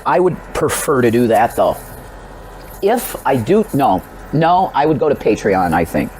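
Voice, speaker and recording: A man's voice: mid-range voice, sing-song, unhurried, a little mellow, slight background noise, rough recording. A man talking in a rambling personal vlog, addressing another creator directly, restarting his sentences and repeating himself. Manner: rambling and repetitive, with frequent restarts and direct pleas to the viewer. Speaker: religious vlogger.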